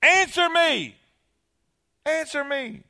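A man with a high voice, voicing a small naive boy who shouts into a cave during a sermon story. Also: huge pitch swings, drawn-out words, dry recording, studio quality, exaggerated voice. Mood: excited, childlike.

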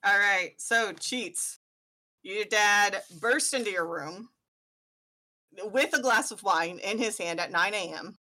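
A woman's voice: medium pitch, takes it slowly, sharp tone. A woman game master narrating a tabletop role-playing game, chatty and giggly with lots of fillers.

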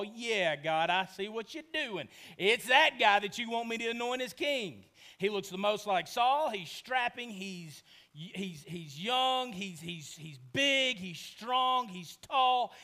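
A man preaching a sermon, animated, swinging from shouting to hushed tones and acting out the people in the story. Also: fairly high pitch. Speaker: pastor.

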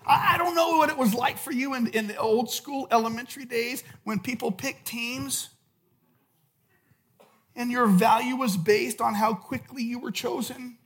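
High-pitched, impassioned male pastor. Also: normal speed. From California. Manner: impassioned preaching, swinging from loud shouts to hushed intensity. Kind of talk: sermon.

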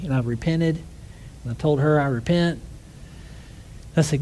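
A man's voice: on the high side, moderate pace, long pauses, warm tone, a little hiss or hum, low-quality recording. Man preaching a story-sermon. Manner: conversational storytelling, acts out quoted voices. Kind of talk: sermon with storytelling and closing prayer.

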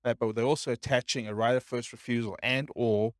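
Male class participant, mid-pitched, halting delivery, dry sound. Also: steady tone, no room sound. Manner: halting, restarts while explaining. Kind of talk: question from the audience.

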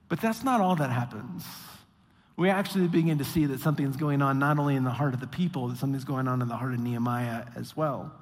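A man preaching a sermon, acting out quotes with mock voices in an animated way. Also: sits high, a little fast. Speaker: pastor. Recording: long hall reverb.

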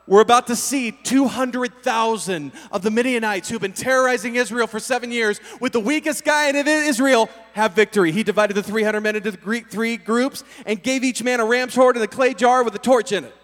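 A man preaching a sermon as a lively story, energetic and full of casual slang. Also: extremely high pitch. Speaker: pastor. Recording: long hall reverb.

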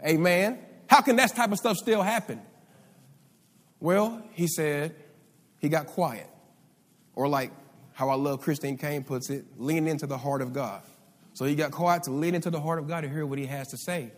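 High-pitched preaching man in a hall. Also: moderate pace. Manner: preaching with call-and-response to congregation. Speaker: pastor. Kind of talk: sermon. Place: church sanctuary. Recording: live hall reverb.

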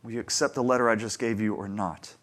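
His voice sits on the low side, with fairly even intonation and a quick pace. In this sermon the pastor relates a personal story in a sincere, conversational manner, shifting between quiet asides and forceful questions for his listeners.

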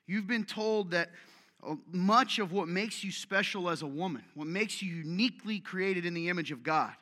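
A man delivers a lively sermon, energetic and direct, mixing pointed rhetorical questions with self-deprecating jokes. His voice sits a bit high and rings bright and forceful. The sound carries a long hall reverb, as in a large church. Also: normal speed. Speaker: pastor.

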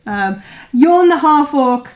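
A woman acting as game master of a tabletop game, calling rolls and damage with quick fillers. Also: high voice, lively intonation. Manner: brisk rules calls with fillers.

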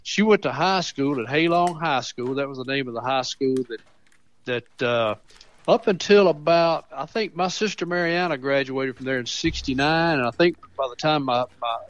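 A man's voice: medium pitch, moderate pace. A man with a Middle Tennessee accent, calling in to a radio show as the regular storyteller, rambling and chuckling as he tells his tale. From Mount Pleasant, Tennessee. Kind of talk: folksy storytelling on the phone. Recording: dull phone line.

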